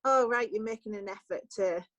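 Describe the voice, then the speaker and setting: A woman's voice: medium pitch, normal speed, no echo, low-quality recording. A woman, a journalist guest on a podcast, telling an anecdote in casual chat and acting out the lines people said. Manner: lively storytelling, acts out quoted lines.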